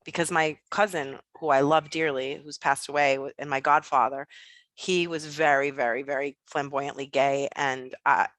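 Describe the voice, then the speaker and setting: A woman with a bright, forceful voice tells a personal story as an interview guest. She is blunt and animated and swears without pause. The sound is close and dry. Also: deep voice, no echo. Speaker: guest, business coach.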